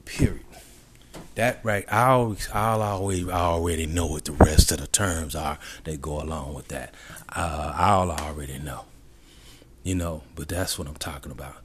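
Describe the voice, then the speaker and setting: A man's voice: a bass voice, fairly even intonation, normal speed, a little hiss or hum. A man giving a confident, boastful motivational monologue, repeating emphatic declarations.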